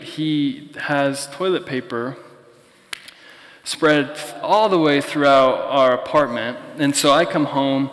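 A young pastor preaches in a relaxed, storytelling manner at an ordinary pitch. His voice rings in a long reverberant church hall. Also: unhurried. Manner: conversational, storytelling. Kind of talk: sermon.

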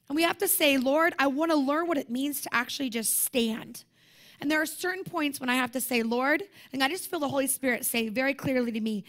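A young woman conference speaker preaches in a high voice with a fairly bright tone, talking a little fast. Her sermon is passionate and conversational as she speaks to the room and restates her points.

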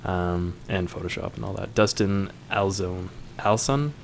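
Low-voiced young man reading viewer questions. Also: measured pace, vocal fry, slight background noise. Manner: joking, offhand, swears casually. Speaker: YouTuber answering viewer questions. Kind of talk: casual Q&A, reading questions aloud.

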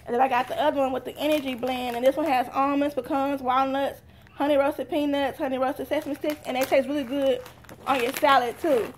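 A woman's voice: sits high, steady tone, brisk, slight background noise. A young woman, chatting straight to her viewers in a casual haul vlog. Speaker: vlogger.

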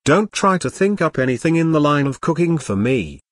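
Plump, saucy young woman, read by a man; husky, dry audiobook read. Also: on the high side, sing-song, brisk, no echo, pitched above the performer's own voice.

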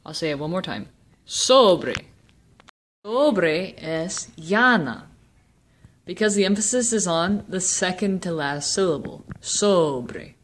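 A woman explaining a language lesson, slowing down to pronounce example words with care. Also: lowish voice, expressive, a little hiss or hum. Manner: slow, deliberate pronunciation of example words. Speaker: Spanish teacher.

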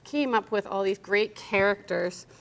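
A woman's voice: medium pitch, measured pace, fairly bright tone. A woman in her thirties, a toy shop owner demonstrating games as a guest in a TV news studio, upbeat and explanatory. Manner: upbeat, explanatory, laughs often.

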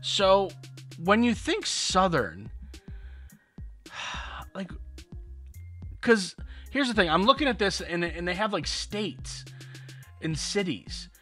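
Male podcast co-host, slightly high voice, casual and rambling, soft music bed. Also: sing-song, slow pace, long pauses. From Buffalo area, New York. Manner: loose, rambling, many fillers. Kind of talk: casual chat.

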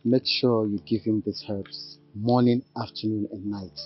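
A man playing a measured herbalist giving instructions. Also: lowish voice, steady tone, dull audio, natural voice. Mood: instructive. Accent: Nigerian.

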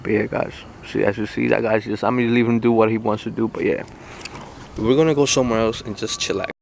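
A young man casually vlogging outdoors by the water in light rain, talking excitedly and slangily straight to his viewers on a handheld phone. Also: lowish voice, quick pace, gravelly. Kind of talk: casual outdoor vlog chat. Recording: outdoor phone audio with street noise.

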